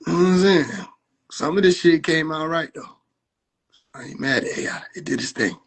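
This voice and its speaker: A young man, reacting to his own clips in casual, profane commentary, exasperated and often shouting in disbelief. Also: fairly high pitch, moderate pace.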